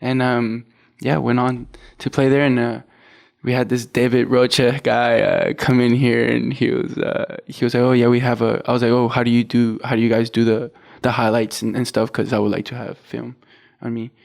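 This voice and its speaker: A man's voice: medium pitch, moderate pace, creaky. A young man on a podcast, a college athlete who tells his story casually and acts out what he and others said. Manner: relaxed, quotes himself and others in a storytelling way. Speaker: athlete guest.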